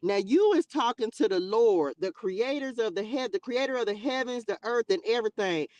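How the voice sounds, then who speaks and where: A woman hosting a livestream who reads scripture and adds animated, slangy, joking commentary. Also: on the high side, normal speed, no echo. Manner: animated, laughing, slangy asides. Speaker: livestream host reading scripture. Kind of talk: bible reading with casual commentary. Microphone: livestream mic.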